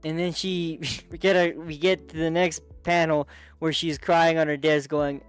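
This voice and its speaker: A man giving a casual, excitable recap of a manga, chatty and full of restarts and asides. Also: fairly high pitch, normal speed, clear, resonant tone, soft background music. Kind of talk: casual commentary.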